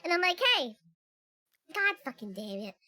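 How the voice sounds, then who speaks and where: Squeaky childlike voice, as a woman puts it on. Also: very animated, moderate pace, sharp tone, full character voice. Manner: giggly, shrill, silly.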